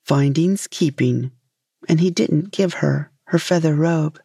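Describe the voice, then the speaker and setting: A woman reading a folk tale aloud in a measured, gentle way. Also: low-pitched, fairly even intonation, creaky, breathy edge, no echo, studio quality. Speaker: storyteller. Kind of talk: storybook reading.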